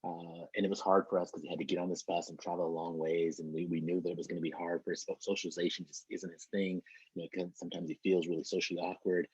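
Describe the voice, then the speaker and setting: A middle-aged man with a low, husky voice tells a motivational story as a trainer. He speaks earnestly and often stumbles over and repeats words. The recording is dry and dull, with a muffled, lo-fi sound. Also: flat delivery, quick pace, darkish tone, dry recording.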